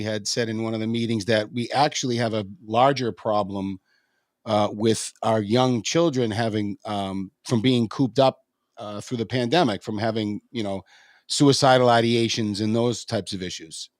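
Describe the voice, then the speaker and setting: A man co-hosting a political talk show, answering a question in a measured, digressive way with many fillers. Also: on the low side, no room sound, studio quality. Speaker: co-host of a local politics livestream. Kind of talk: casual political chat. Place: radio studio.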